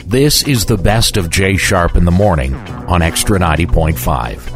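A man hosting a morning rock radio show jokes in a wry, self-deprecating way. His voice is low and swings around with lively pitch, and music plays clearly beneath him. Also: normal speed. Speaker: radio host.

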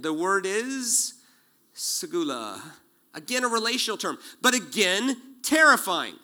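High, bright-voiced preaching man in his forties. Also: moderate pace. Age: 40s. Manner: animated storytelling with jokes and acted-out quotes. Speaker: pastor. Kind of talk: sermon.

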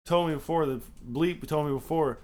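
A young man telling a rambling story in casual, profane talk, animated when he acts out the scenes. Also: a little high, moderate pace. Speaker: podcast guest.

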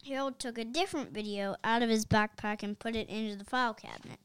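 A woman reading a children's book aloud, expressive and deliberate. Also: fairly high pitch, clear, resonant tone. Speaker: reader.

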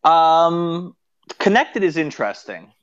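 A man's voice: a little high, big pitch swings, takes it slowly, a bit bright, clear, resonant tone. A man co-hosting a casual sports podcast, dropping brief, dry interjections. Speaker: podcast co-host. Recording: dull lo-fi sound.

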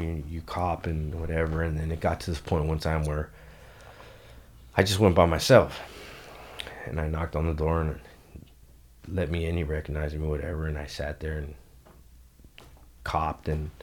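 A man telling a story in a loose, profane, animated way as a podcast guest. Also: very deep voice, slight background noise. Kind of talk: casual storytelling.

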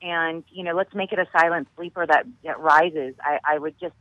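A woman guest on a radio show, telling stories in an animated way and acting out the quotes with laughter. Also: low-pitched, moderate pace, no echo, muffled recording. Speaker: guest actress. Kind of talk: casual radio interview chat.

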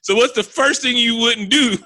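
Bright-voiced man recapping a film. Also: very high-pitched, unhurried, dry recording. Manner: animated storyteller, acts out quotes, swears, laughs often. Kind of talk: casual film recap chat.

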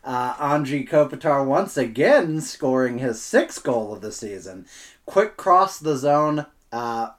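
A man co-hosting a casual sports podcast, recapping game highlights in a laid-back, joking way and laughing often. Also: expressive, slow. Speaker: co-host.

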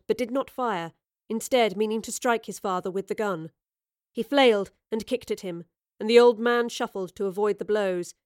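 A woman's voice: mid-range voice, dry recording, clean studio sound. Woman narrating a dramatic story. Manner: measured, expressive storytelling. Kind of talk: scripted narration.

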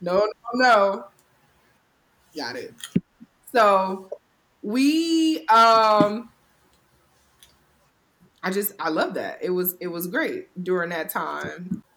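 An American woman in her thirties from Cleveland, hosting a casual podcast chat as an animated, emphatic storyteller who laughs often. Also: medium pitch, drawn-out words, long pauses, rough recording. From Cleveland, USA. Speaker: podcast host.

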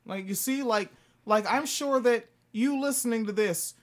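A co-host with a mid-pitched voice chats casually and cracks wry jokes alongside the main speaker. The delivery is easygoing and dry, with plenty of side comments. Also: moderate pace. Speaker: podcast co-host. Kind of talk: casual chat.

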